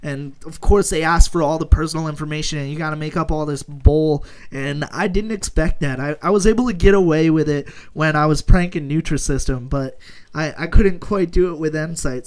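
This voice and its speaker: Brisk and fairly high-pitched, a young man gives casual gameplay commentary as a gaming YouTuber, rambling, cracking jokes and laughing frequently.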